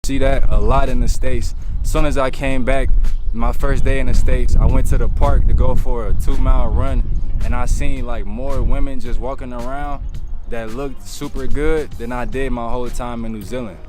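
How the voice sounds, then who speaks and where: A man's voice: medium pitch, fairly even intonation, normal speed. Casual: chill guy talking outside, bro this man that, windy, music playing under him. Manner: laid-back slangy, says "bro" and "man". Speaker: vlogger. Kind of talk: casual talking-to-camera vlog. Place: outdoors, windy.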